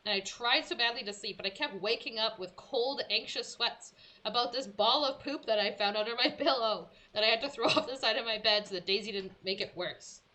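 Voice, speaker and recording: Young woman, bright voice, slightly high, lively anecdote, acts out quotes. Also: a little fast. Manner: animated storyteller, acts out her own quotes. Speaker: streamer. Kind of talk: casual chat, telling a story.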